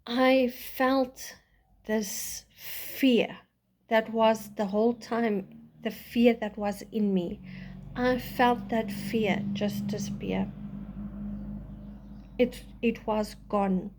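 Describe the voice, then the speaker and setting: A middle-aged woman with a South African accent gives a raw, halting personal testimony about her life, often restarting her sentences. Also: on the high side, fairly even intonation, background noise. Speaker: vlogger telling her life story.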